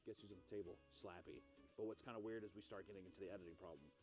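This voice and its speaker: A man casually recapping a horror movie, animated and profane, laughing often and acting out characters. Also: deep voice, very fast, soft background music. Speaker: podcast host recapping a movie. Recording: noisy recording.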